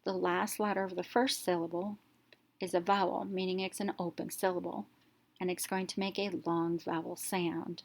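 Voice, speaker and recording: A woman teacher narrating a reading lesson, explaining each step slowly and clearly in an instructional voice-over. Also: on the low side, flat delivery.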